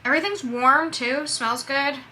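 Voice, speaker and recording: A young woman with a bright, slightly high voice talks casually to her viewers in a food vlog. She thinks out loud as she tastes each dish and describes it. She is recording in a hotel room. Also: unhurried, a little hiss or hum. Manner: chatty, thinks aloud while tasting. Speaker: vlogger.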